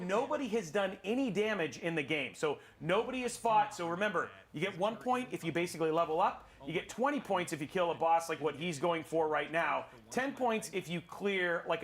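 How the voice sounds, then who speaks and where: A man hosting a live stream, commentating on a game in an excitable, rambling way with frequent restarts. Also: high-pitched, normal speed, few pauses.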